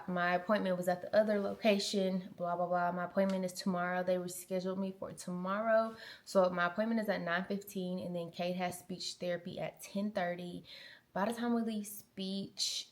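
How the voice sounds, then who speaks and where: A woman in her twenties, a mom vlogger chatting casually and animatedly to her camera. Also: mid-range voice. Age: 20s. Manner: chatty, animated, uses y'all and girl. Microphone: small handheld camera.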